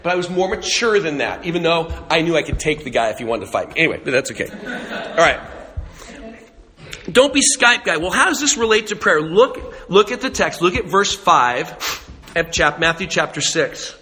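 A man's voice: a little high, big pitch swings, normal speed, pushed and bright. A man preaching a sermon as a pastor, telling a story in a conversational way with humorous asides.

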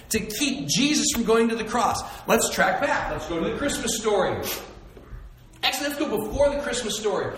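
A man preaching a sermon in an animated storytelling way, swinging between loud and hushed, recorded from a distance in a large hall. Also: very high-pitched, slight background noise. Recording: echoey hall, distant mic.

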